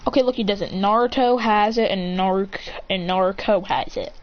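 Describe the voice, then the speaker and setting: A woman's voice: mid-range voice, moderate pace. A woman casually improvising a fan-fiction story, rambling and correcting herself, on a slightly muffled recording. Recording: slightly muffled, faint hiss.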